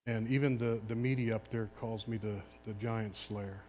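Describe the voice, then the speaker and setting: A middle-aged man, a pastor, telling a personal story in a sermon, moving between quiet asides and loud exhortation. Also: fairly low pitch, fairly even intonation, moderate pace, muffled recording. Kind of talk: sermon testimony. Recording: long hall reverb, faint hum.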